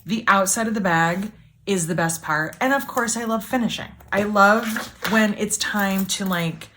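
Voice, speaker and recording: Slow-talking woman chatting while sewing. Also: mid-range voice. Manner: chatty, self-deprecating, frustrated grumbling. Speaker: sewing channel host. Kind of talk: casual sew-along chat. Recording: clear background machine noise. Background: sewing machine running.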